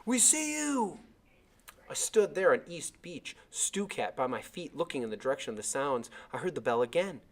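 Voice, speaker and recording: A man reading a chapter of a novel aloud as narrator, with expressive storytelling. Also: mid-range voice, fairly quick, few pauses.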